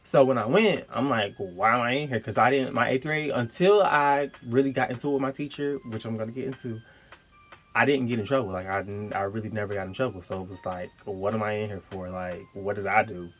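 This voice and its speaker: A young man tells a personal story in a casual, slangy vlog style. He is animated and jumps into sharp, high-pitched bursts when he quotes himself. Faint music plays under his voice. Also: brisk. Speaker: storytime vlogger.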